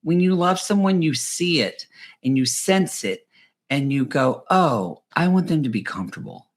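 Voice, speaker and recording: Animated gossipy man, podcast guest. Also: fairly high pitch, moderate pace. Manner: animated, gossipy, acts out quotes in funny voices. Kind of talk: casual chat recapping a reality show.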